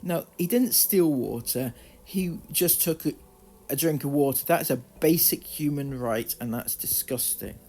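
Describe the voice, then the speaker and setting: Guy reading diary bits for a true crime vid, slow and drawn out, snarky angry asides. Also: medium pitch, darkish tone. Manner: sarcastic, indignant asides. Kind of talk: reading journal excerpts with commentary.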